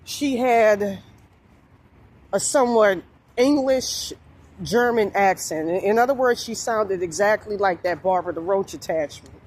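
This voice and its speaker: A woman's voice: mid-range voice, a little slow, darkish tone. Rambling New woman vlogging. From New Orleans, USA. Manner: rambling, meandering, frequent fillers. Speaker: spiritual vlogger. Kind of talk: casual monologue.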